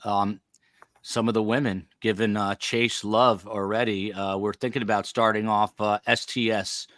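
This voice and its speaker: A man's voice: on the low side, flat delivery, normal speed, a bit bright, dry recording, studio quality. A middle-aged man from the Northeast United States hosting a podcast, chatty and feisty, full of rambling asides. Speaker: podcast host. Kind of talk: casual podcast chat.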